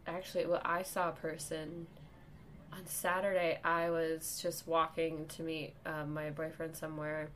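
A young woman with a New York accent telling a story on a casual podcast, animated and swearing, acting out the people in it. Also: deep voice, a little hiss or hum. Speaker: comedian guest.

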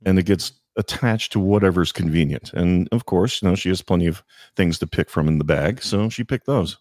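A man joining a casual political podcast as a guest. He speaks in a measured, somewhat hesitant way. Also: sits low, darkish tone, dry recording, studio quality.

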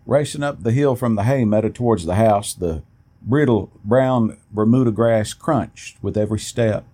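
A man reading a first-person story aloud in a plain, steady way, with an occasional restart. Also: fairly low pitch, normal speed.

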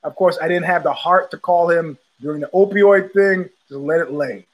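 A man's voice: a little high, moderate pace. An older man hosting a casual talk show, rambling through stories and acting out the voices of people he quotes. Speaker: podcast host. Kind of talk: casual storytelling chat.

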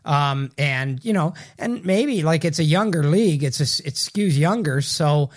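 A man's voice: a little high, animated, unhurried. A man co-hosting a hockey podcast, talking in a loose, rambling way with many restarts. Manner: rambling, self-correcting, loose. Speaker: podcast co-host, hockey writer. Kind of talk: casual podcast chat.

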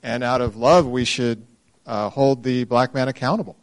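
Brief: man, mid pitch, sincere and deliberate, thinking out loud in a discussion. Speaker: congregation member asking a question. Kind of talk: casual discussion.

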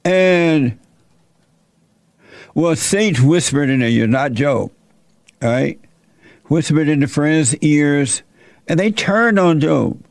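A man's voice: on the high side, animated, slow pace, gravelly, pauses often, no room sound, studio quality. A man hosting his show and retelling a Bible story in a folksy, plainspoken sermon style. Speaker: host and preacher.

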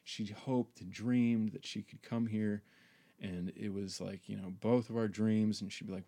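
A man talks through a personal story as a podcast host, in a low, mellow voice with a gravelly edge. He rambles, swears freely and leans on fillers and restarts. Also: fairly even intonation, normal speed. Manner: rambling, profane, many fillers. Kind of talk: candid personal monologue.

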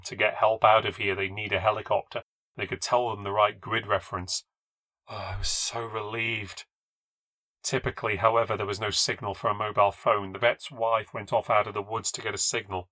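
A man's voice: lowish voice, bright, forceful tone, dry recording. A man narrating a scripted ghost story in a dramatic, vivid reading style, close to the mic.

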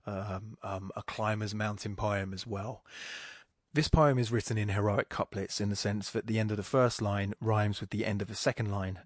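A man hosting a poetry podcast, talking in a chatty, enthusiastic way with a few fillers, then reading verse slowly. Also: on the low side, no room sound, clean studio sound. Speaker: podcast host. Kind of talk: casual explanation, then slow poetry reading.

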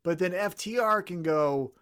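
A man's voice: sits high, normal speed, a bit bright. A man co-hosting a wrestling podcast, chatting casually and swearing freely, sometimes losing track of names. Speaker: podcast co-host.

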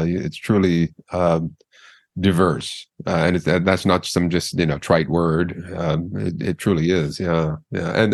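A man's voice: sits low, darkish tone, no room sound, studio quality. An older man with a Mid-Atlantic American broadcast accent, a former news anchor talking casually as an interview guest, stumbling over words and laughing easily. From United States.

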